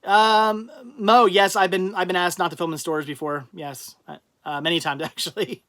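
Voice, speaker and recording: A man hosting a casual livestream, rambling and thinking out loud as he reads out and answers viewers' chat comments. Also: high voice, flat delivery, moderate pace. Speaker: livestream host.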